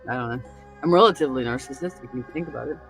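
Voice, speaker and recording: Show host, woman with a gravelly, low-pitched voice, crude and laughing, acting out lines, faint music underneath. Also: rapid-fire, poor audio. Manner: crude, laughing storyteller who acts out other people's lines. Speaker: podcast host. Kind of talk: casual chat.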